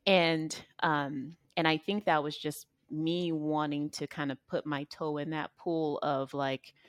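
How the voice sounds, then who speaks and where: A woman's voice: deep voice, fairly even intonation, measured pace, no echo, clean studio sound. A woman in her forties, a life coach guest on a podcast, talking reflectively in casual conversation with frequent fillers. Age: 40s.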